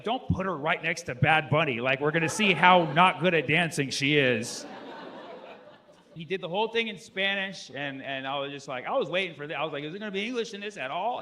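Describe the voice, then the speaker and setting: A male stand-up comedian performing a loose, rambling set, breaking into shouted impressions. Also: fairly high pitch. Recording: noisy live club recording with crowd. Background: audience laughter.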